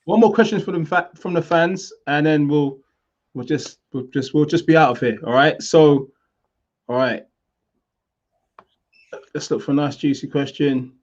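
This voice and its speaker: Upbeat host, dull lo-fi sound. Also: male voice, on the high side, unhurried, pauses often. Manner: upbeat, reading fan questions and shout-outs. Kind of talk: casual chat, live show hosting.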